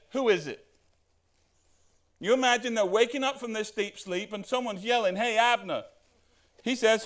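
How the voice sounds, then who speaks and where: High-voiced man preaching conversationally. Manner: conversational, rhetorical questions, acts out quoted lines. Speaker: pastor. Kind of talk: sermon.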